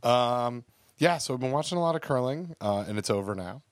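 This male podcast co-host speaks at medium pitch, animated and a little fast, in a dry, studio-quality recording. He rambles casually, full of fillers and restarts.

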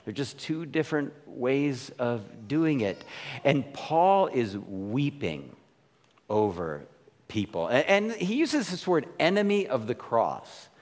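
Lively male pastor in a reverberant hall. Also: medium pitch, slow pace. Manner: casual, questioning, frequent "right?" asides. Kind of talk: conversational sermon.

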